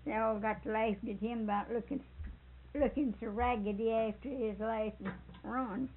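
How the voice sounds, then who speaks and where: A woman's voice: on the high side, fairly even intonation, moderate pace. An older woman, telling a family story in a rambling, folksy way and often chuckling. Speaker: interviewee. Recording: tinny phone-like recording with faint hiss.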